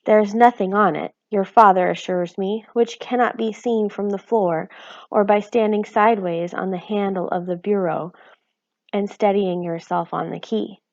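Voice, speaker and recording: Reading aloud in a lightly acted performance, a woman plays a tiny, fussy, anxious mother, a sharp-tongued middle-aged character who worries and exclaims at a raised pitch. Her own voice is steady and darkish at normal speed, recorded lo-fi with no echo.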